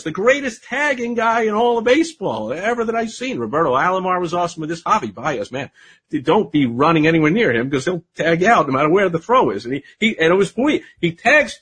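A man with a slightly high, husky voice ranting in a casual live video. He talks in animated bursts, jumping from loud exclamations to quiet mutters, recorded outside by a pool. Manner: animated, swings between loud outbursts and quiet asides. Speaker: livestream host. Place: outdoor terrace by a pool.

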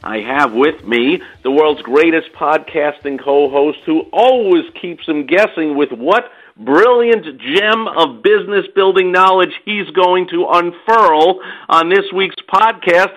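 A man co-hosting a casual podcast, talking excitably and theatrically and slipping into quoted voices. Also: fairly high pitch, unhurried, hardly any pauses. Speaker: podcast co-host. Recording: muffled lo-fi audio.

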